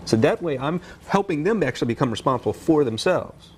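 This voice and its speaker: A man, a parenting author, talking in a TV news interview, energetic and animated, acting out what parents and kids say. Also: a little high, brisk, a little hiss or hum. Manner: energetic, animated, acts out parent and kid voices. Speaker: parenting author and speaker, guest.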